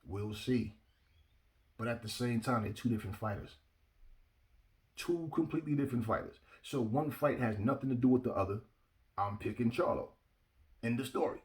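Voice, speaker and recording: A man's voice: mid-range voice, darkish tone. A man giving casual boxing opinions to his viewers, blunt and emphatic, often repeating himself and speaking to the audience directly. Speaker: boxing commentator.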